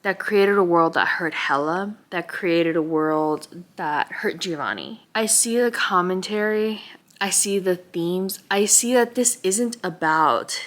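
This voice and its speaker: A woman's voice: lowish voice, lively intonation, measured pace, fairly bright tone. A tired, tearful woman rambling emotionally about a book in a late-night vlog, sometimes dropping to a whisper. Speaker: book vlogger.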